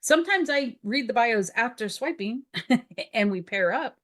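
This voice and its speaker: A woman co-hosts a casual podcast, candid and quick to laugh. Her voice sits a little high and moves a lot in pitch. She acts out snippets of conversation as she tells her stories. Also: animated, a bit bright. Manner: frank, laughs often, acts out dialogue. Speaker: podcast co-host.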